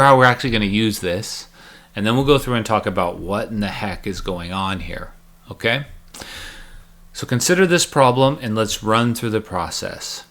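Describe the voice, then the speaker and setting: A man's voice: lowish voice, fairly bright tone. A man teaching a recorded math lecture, chatty and joking as he walks through each step aloud.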